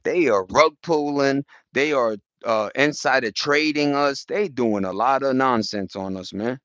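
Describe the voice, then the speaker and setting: This man speaks at a medium pitch and an easy pace, his tone fairly bright. He rambles casually to his stream audience outside, swearing and using slang as he wanders between subjects and keeps restarting his sentences. The sound is lo-fi with no echo.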